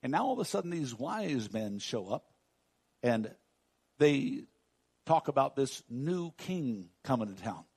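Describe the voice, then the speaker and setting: Gravelly folksy pastor with a Texan twang. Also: male voice, medium pitch, very animated, a little slow. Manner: swings from soft to loud, folksy. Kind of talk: sermon.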